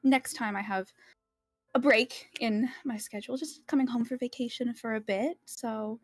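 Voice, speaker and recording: A woman playing a young fairy woman hosting a court ball, polite and a bit hurried, in a tabletop game. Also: on the high side, no room sound, studio quality, soft background music, lightly acted. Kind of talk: tabletop role-play.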